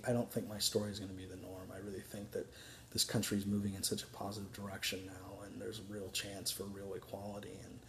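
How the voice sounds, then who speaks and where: A young man telling a personal story to camera in an earnest, candid way, halting often with restarts and fillers. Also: lowish voice, a little mellow, slight background noise. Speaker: vlogger telling his story.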